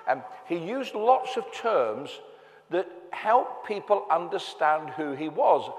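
A man's voice: a little high, animated, slow pace. An older man preaching a sermon in a church, conversational and joking as he goes, from England. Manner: conversational with humorous asides. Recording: reverberant church hall.

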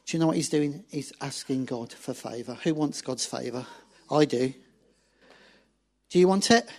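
A man's voice: mid-range voice, normal speed. A man, a pastor preaching a sermon and acting out biblical dialogue as he tells the story.

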